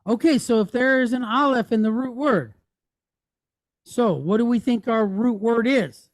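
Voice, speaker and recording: Slow, patient woman teaching reading. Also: a little high, no room sound. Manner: patient, spells out vowel points step by step; checks in with frequent "right?". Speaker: Hebrew teacher. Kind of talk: classroom reading lesson.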